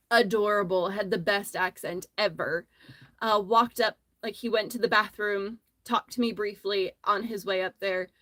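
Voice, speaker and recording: A woman chats while crocheting on a phone livestream, meandering through a friendly story as her hands keep busy. She has a medium-pitched, slightly bright voice, captured in a dry recording.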